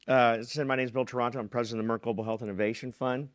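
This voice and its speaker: A man's voice: mid-range voice, level tone, rapid-fire. A middle-aged man giving a conference keynote on a stage, talking casually with fillers and restarts. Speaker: keynote speaker, venture fund president. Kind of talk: conference talk.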